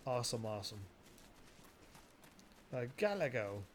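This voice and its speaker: A man casually commentating while he plays a game, rambling and quick to laugh at it, with game music behind him. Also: mid-range voice, sing-song, slight background noise. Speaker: gaming video host. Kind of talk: casual let's-play commentary.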